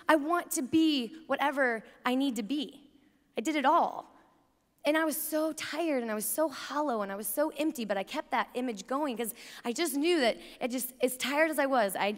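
A woman's voice: high voice, fairly bright tone. A young woman speaking at a youth conference, telling stories in a chatty way with lots of "like" and "you know". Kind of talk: energetic faith talk to a youth crowd. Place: large conference arena. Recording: long hall reverb from a large arena.

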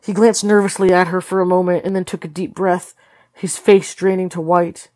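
A woman's voice: lowish voice, moderate pace, no echo. Tired woman reading a story aloud. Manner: steady reading with occasional slips and self-corrections. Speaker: storybook reader. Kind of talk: read-aloud narration.

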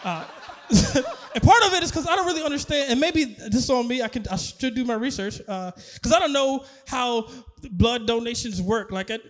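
A man with a very high-pitched voice performs stand-up comedy, acting out conversations as he tells his stories. He keeps breaking into laughter at his own punchlines. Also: moderate pace. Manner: animated storytelling, laughing at his own jokes, acting out dialogue.

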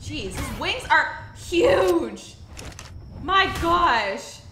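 A young woman hosting a casual co-op game session, excitable and full of exclamations. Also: sits high, drawn-out words. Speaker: gaming channel host. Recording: echoey with noticeable background noise.

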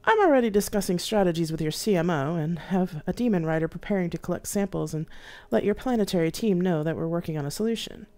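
A woman voicing a smooth, courteous male starship AI with a slight accent. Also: fairly low pitch, quick pace, hardly any pauses, darkish tone, pitched above the performer's own voice, close to an everyday voice.

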